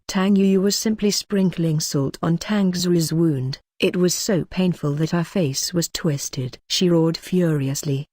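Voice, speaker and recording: Woman reading a web novel aloud, lowish mellow voice, dry close sound. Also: slow, few pauses, no room sound. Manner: even reading that voices chapter headers literally. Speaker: narrator. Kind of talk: scripted audio novel narration.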